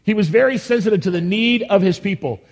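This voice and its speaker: A man's voice: high voice, fast talker. A pastor giving church announcements and a sermon in a folksy, rambling, enthusiastic way, often restarting his sentences, in a church sanctuary.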